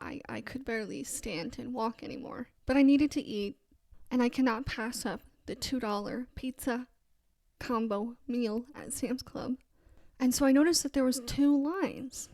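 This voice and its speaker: A woman's voice: a little high, darkish tone, dry recording. A young adult woman hosting a casual faith podcast, telling a story in a chatty way and quoting other voices. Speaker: podcast host.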